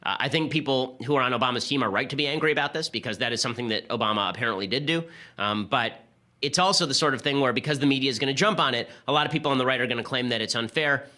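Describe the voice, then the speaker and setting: A man hosts a political commentary show, talking rapidly in a sarcastic, argumentative way. His voice is medium in pitch with a sharp tone.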